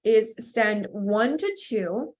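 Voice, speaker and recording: A woman's voice: fairly high pitch, lively intonation, extremely slow, darkish tone. A woman in her thirties hosting a podcast, sounding nasal and stuffed up from a cold, giving upbeat coaching tips. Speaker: podcast host. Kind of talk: scripted intro, then casual solo talk.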